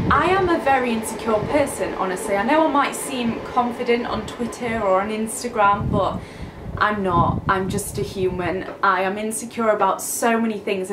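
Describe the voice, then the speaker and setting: A woman's voice: medium pitch, reverberant, noisy background. A young woman talking openly and a little hesitantly in a casual confessional vlog. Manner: open, emotional, hesitant. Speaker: vlogger.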